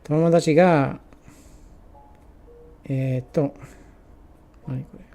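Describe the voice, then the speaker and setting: A man streaming his Japanese study, sounding out practice sentences slowly with many restarts and chatting casually between them. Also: fairly high pitch, fairly even intonation, warm tone, soft background music.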